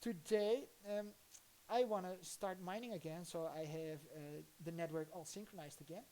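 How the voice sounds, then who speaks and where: There's a slight hiss or hum behind this woman's lowish, mellow voice. Speaking with a Dutch accent, she's from the Netherlands and gives rambling live-stream commentary as she works at her computer, thinking out loud and restarting mid-thought.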